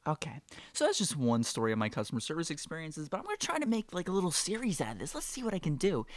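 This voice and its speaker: A man's voice: a little high, wildly swooping pitch, fast talker, no room sound. A man casually telling a rambling work story, swearing freely and fighting off laughter. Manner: profane, rambling, chuckling.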